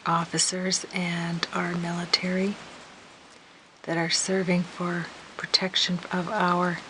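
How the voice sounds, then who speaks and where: A middle-aged woman chatting casually as she works on a crafting video, murmuring softly and then breaking into giggles and apologies. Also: fairly low pitch, completely flat delivery, takes it slowly, a little hiss or hum, poor audio. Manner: soft murmuring while working, bursting into laughter and giggly apologies. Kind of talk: casual crafting tutorial chat. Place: home craft room. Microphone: camera mic.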